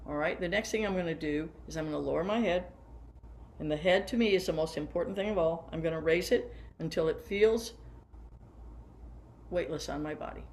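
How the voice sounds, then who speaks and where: A woman's voice: deep voice, brisk, a little hiss or hum. Older woman band director, coaching seated, demonstrates as she goes. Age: 70s. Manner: warm, hands-on, guiding listeners through exercises. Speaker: band teacher. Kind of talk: workshop lesson for teachers.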